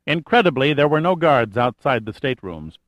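A man reading a thriller audiobook in steady, measured narration. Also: medium pitch, no echo, highs cut off.

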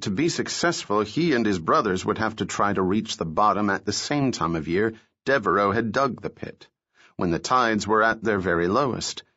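A man reading a novel aloud as an audiobook, telling the story in a steady, measured way. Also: lowish voice. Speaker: narrator. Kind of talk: scripted audiobook narration. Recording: dull lo-fi recording.

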